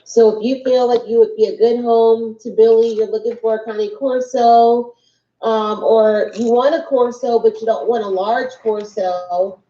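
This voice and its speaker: A woman with a Texan accent talks about her dogs, halting with many ums and restarts. Her voice is warm and mellow, set somewhat high. She is recorded in an echoey room with a dull sound and faint noise. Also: fairly even intonation. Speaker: co-host, dog breeder. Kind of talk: casual chat.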